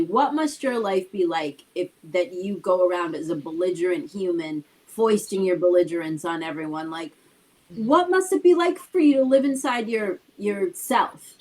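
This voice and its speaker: A woman's voice: mid-range voice, low-quality recording. A woman co-hosting a talk show who explains her points conversationally and drives them home with rhetorical questions. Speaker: co-host. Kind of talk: casual motivational talk.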